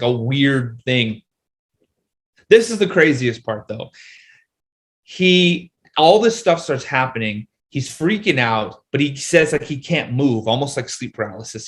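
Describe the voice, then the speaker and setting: Casting note: young man from North Texas, mid-pitched, casual rambling storyteller with lots of fillers. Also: a bit bright. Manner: rambling, many fillers and restarts. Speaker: guest, paranormal content creator.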